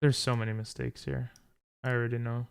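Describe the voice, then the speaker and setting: Gravelly, frustrated man thinking aloud. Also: mid-range voice, flat delivery, fairly quick. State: tired from little sleep. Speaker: chess streamer. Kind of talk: casual game commentary.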